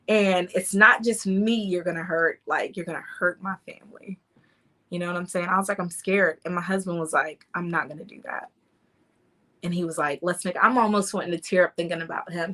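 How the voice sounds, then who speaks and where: Bright, animated woman telling her love story. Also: medium pitch. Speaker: podcast host. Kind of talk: personal storytelling and encouragement.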